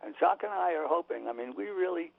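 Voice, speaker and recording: A man's voice: high voice, expressive, fast, vocal fry, no room sound. A man being interviewed on the radio, talking emphatically and opinionatedly with frequent restarts, heard over a tinny phone line. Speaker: author and guest.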